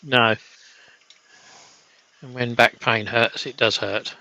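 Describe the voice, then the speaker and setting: A man's voice: medium pitch, steady tone, slow pace, creaky, sharp tone, no echo, rough recording. A man with a bad cough, co-hosting a live stream from an office, reading out viewer comments with chatty, teasing banter. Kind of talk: casual live-stream chat.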